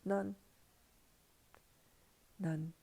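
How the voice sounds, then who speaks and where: Older woman, slow gentle livestream talk, low gravelly voice, hushed with whispers. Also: steady tone. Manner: soft and hushed, slipping into whispers. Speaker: spiritual teacher. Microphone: livestream computer mic.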